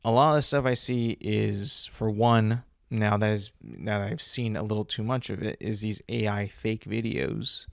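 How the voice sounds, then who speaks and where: A man's voice: on the low side, fairly even intonation, moderate pace, gravelly, hardly any pauses, no room sound, clean studio sound. A young man hosting a solo podcast, telling stories in a rambling, casual way with many fillers. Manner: rambling, filler-heavy storytelling. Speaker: podcast host.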